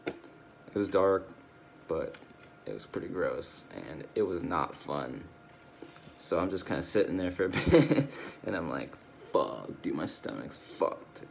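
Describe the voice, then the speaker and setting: A man's voice: sits low, a little hiss or hum. A tired, drowsy man rambling through a casual personal video log, swearing often and losing his train of thought. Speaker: video diarist.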